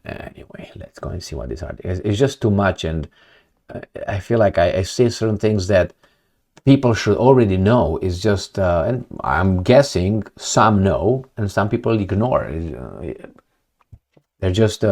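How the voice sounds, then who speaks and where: Man, lowish voice, sarcastic, rambling, fillers, casual monologue. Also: expressive, moderate pace, darkish tone. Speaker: political commentator.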